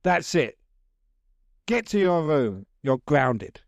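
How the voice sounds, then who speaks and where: A worn-out, irritable father snaps in short, raised bursts, his voice pushed up high and loud when he loses patience, as a man telling a story puts him on. The tone is smooth and clear, with a dry, close sound. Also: sing-song, slow, no room sound, full character voice. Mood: grumpy, snapping. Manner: snapping, irritable. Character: tired grumpy father, short-tempered man.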